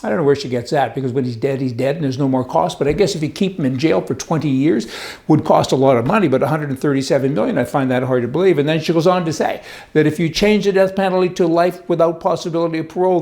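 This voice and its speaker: A man with a gravelly, slightly high voice hosts his own show of political commentary. He talks in a folksy, sarcastic way, tossing out wisecracks and rhetorical questions to his listeners. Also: fast, a little mellow. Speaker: host.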